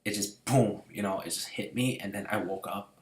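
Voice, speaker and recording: Low-voiced man rambling about his dreams. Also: normal speed, reverberant. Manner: rambling, many fillers, shifts from hushed to loud. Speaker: vlogger. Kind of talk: casual storytelling.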